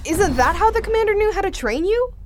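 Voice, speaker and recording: A woman voicing an earnest, high-pitched female sidekick. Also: expressive, fairly quick, a little hiss or hum. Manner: earnest, gently persuasive. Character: helpful, loyal female sidekick.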